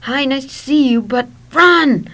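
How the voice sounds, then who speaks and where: A woman voicing a panicked teenage girl, speaking high, breathless and urgent. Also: animated, unhurried, darkish tone, slightly rough, exaggerated voice. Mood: frantic.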